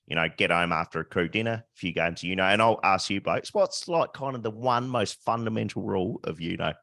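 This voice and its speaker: A man's voice: low voice, fairly quick, creaky, bright, forceful tone, no echo, studio quality. A man, co-hosting a podcast and telling jokey anecdotes in light banter. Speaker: podcast co-host. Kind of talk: casual chat.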